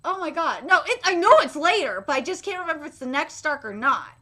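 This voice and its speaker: A woman streaming a live anime reaction, excitable and swearing freely, moving between muttered comments and shrieking outbursts. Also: high voice, quick pace.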